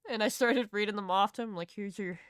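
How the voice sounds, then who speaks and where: Talking fast in a smooth, medium-pitched, slightly bright voice, a Southern US woman rambles casually on a live stream as she draws. She laughs and swears freely, and the clean studio sound has no room sound.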